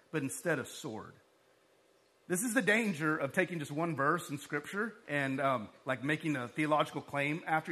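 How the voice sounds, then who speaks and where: A man preaching a sermon in a conversational, storytelling way, growing animated as his story builds. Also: on the high side, slightly rough. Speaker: pastor.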